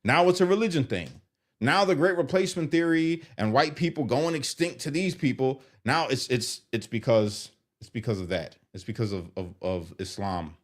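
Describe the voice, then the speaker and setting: A man doing live commentary on viewer comments, animated and exasperated as he reads them aloud. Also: mid-range voice, moderate pace. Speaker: streamer reacting to comments.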